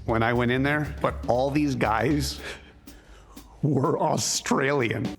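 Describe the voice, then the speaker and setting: Awkward rambling witness. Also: male voice, medium pitch, steady tone, soft background music. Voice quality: halting, rambling. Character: awkward, rambling male party-crasher witness. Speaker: witness at a hearing. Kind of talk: TV drama testimony.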